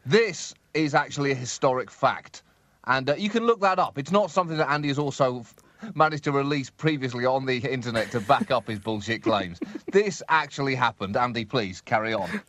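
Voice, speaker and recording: A man's voice: mid-range voice, lively intonation, a little fast, a bit bright, no echo. Man teasing with wry banter. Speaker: comedy podcast co-host. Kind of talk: casual banter.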